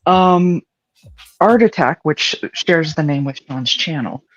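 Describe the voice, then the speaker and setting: A man joins the stream over a dull, lo-fi mic, tripping over his words and repeating them as he chats. His voice sits fairly high for a man. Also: expressive, slow pace, dry recording. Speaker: livestream guest. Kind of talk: casual livestream chat.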